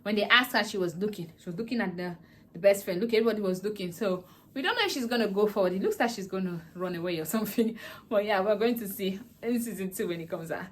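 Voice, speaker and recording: A woman's voice: medium pitch, expressive, fast talker. A woman vlogger casually recapping a drama series, animatedly acting out the characters' lines. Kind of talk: casual chatty plot recap.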